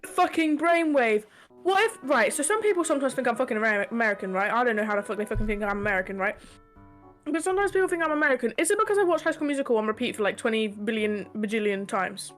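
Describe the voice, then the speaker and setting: A woman's voice: a little high, soft background music. A young British woman hosting a stream, reading posts aloud and chatting casually, swearing freely. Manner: swears a lot, talks fast when excited. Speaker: streamer host.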